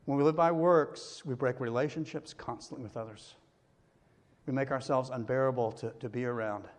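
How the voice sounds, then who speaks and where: A man's voice: medium pitch, normal speed. A male pastor preaching a sermon in a conversational way, now and then acting out the people in the story. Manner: conversational preaching with acted-out quotes. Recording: long hall reverb.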